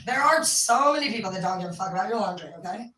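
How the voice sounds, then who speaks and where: A woman's voice: medium pitch, expressive, fast, pushed and bright, echoey room, distant mic, a little hiss or hum, low-quality recording. A woman giving candid, profane advice in a casual monologue, acting out other people's lines. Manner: candid and profane, acts out quoted voices. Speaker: speaker giving life advice.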